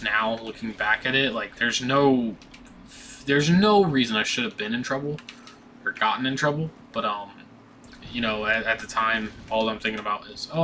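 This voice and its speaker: A man's voice: mid-range voice, pushed and bright, a little hiss or hum. A young man rambling through a casual storytime, swearing freely and restarting his sentences often. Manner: rambling, profane, with many restarts and fillers. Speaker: vlogger.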